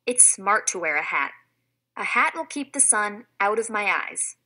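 A woman's voice: medium pitch, lively intonation, unhurried, sharp tone, exaggerated voice. A woman voicing a picky male farm horse in a read-aloud storybook.

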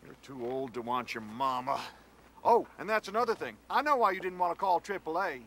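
An actor playing a dry, sarcastic fiancé on a road trip who bursts into yelling. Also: male voice, a little high, animated, brisk, a little hiss or hum. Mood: scornful. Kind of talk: comedy sketch acting.

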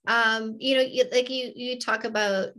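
A woman in her fifties, a dating coach hosting an interview, explaining points in an animated, casual way. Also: a little high, moderate pace. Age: 50s.

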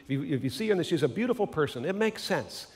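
A man's voice: a little high, expressive, fast, a little mellow, big-room sound. A male pastor giving a sermon in an earnest, conversational storytelling manner.

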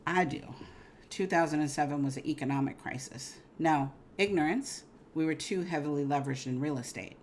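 Low-voiced, frank woman. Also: a little fast, darkish tone, slight background noise. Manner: emphatic, frank, swears casually, laughs often. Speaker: interview guest. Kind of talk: candid conversational storytelling.

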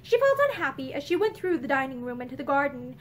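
A woman reads an old novel aloud with expressive, measured narration. Her voice is high-pitched and moves widely in pitch. She is recorded indoors among bookshelves. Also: a little hiss or hum. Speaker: reader.

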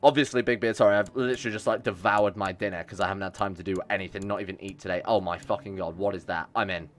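A young man jokes and chats casually with his viewers while setting up a strategy game on stream, with faint music behind him. His voice sits low, his tone is steady, and he talks fast.

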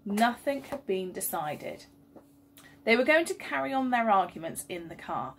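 A woman, a teacher reading a story aloud and leading school worship in a gentle, expressive way. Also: mid-range voice, normal speed, slight background noise. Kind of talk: storybook reading and assembly talk.

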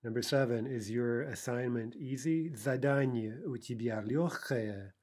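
A man's voice: mid-range voice, measured pace, hardly any pauses, darkish tone. A man teaching a recorded language lesson, explaining patiently and often checking in with "right?" between points.

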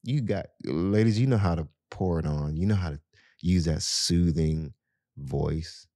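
A man's voice: very deep voice, a little slow, dark tone, no room sound, studio quality. A man hosting a podcast, talking casually and earnestly to his listeners with lots of "you know". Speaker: podcast host. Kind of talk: casual advice talk to listeners.

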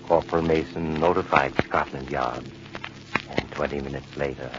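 A man narrating a 1940s radio mystery drama in a grave, measured way. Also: rumbling low, steady tone, lo-fi sound. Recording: scratchy, very noisy old radio recording.

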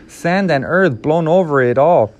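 Weary woman guide, calm and explaining, a man reading her, even everyday voice. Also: a little high, measured pace, muffled recording, pitched above the performer's own voice.

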